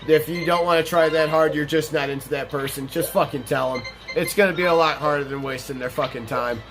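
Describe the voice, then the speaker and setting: A young man with a somewhat high voice talks over a game, swearing freely and circling back on himself as he tells a long story. Faint game music plays behind him. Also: steady tone, brisk. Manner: profane, rambling, emphatic storytelling. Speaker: let's play host. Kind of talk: casual storytelling over gameplay.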